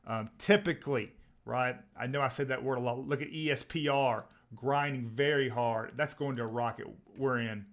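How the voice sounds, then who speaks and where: A man from Texas hosting a live trading stream, rambling and excitable as he calls out stock tickers and market news. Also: mid-range voice, normal speed. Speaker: livestream trading host.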